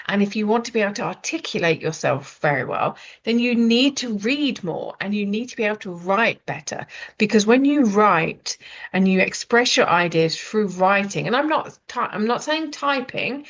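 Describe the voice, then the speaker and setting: A woman from Britain, an author and writing coach, talking casually and rambling with many fillers and restarts. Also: mid-range voice. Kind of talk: casual spoken talk. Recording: dull lo-fi sound.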